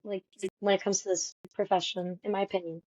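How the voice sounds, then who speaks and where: A woman's voice: medium pitch, brisk, dull audio. A young adult woman, a stage actress as guest, telling a story in a casual interview and acting out the dialogue. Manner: lively storyteller, acts out quoted dialogue.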